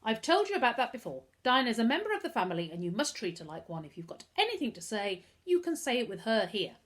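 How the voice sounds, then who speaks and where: A woman reading aloud and voicing a calm, firm middle-aged mother who speaks soothingly with a slight sharp edge. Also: on the high side, fast, pitched above the performer's own voice.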